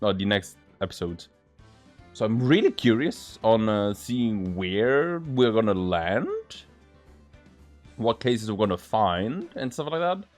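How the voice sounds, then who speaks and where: Rambling man with a lively voice. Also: fairly low pitch, slow, faint music behind. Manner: rambling, full of filler words. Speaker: gaming channel host. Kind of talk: casual let's-play commentary.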